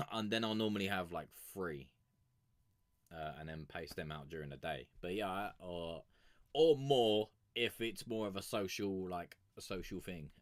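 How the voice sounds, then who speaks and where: Brief: male streamer, low voice, lively swings in pitch, unhurried, crude banter, on a sugar rush. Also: no echo. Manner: profane, rambling, joking banter with chat. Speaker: music review streamer. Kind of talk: casual crude live-stream chat.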